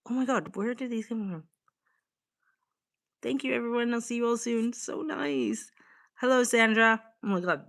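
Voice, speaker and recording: A woman's voice: mid-range voice, a bit bright. Chatty woman on a livestream. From Boston, USA. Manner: chatty, laughing, swears casually. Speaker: livestream host. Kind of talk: casual livestream chat with viewers.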